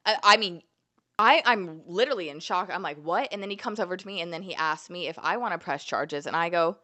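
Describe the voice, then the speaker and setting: A woman's voice: fairly low pitch, quick pace, sharp tone, no echo. A woman, telling a dramatic fight story in a casual vlog, swearing often and acting out the moments. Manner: profane, dramatic storytelling with acted-out quotes.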